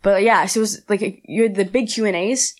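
A young woman, a guest and aspiring wrestler, telling a story in a rapid, animated casual chat full of fillers. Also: mid-range voice.

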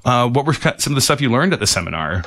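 A man's voice: mid-range voice, quick pace. Easygoing male interview host. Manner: relaxed, encouraging, asks follow-up questions. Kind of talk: casual interview chat.

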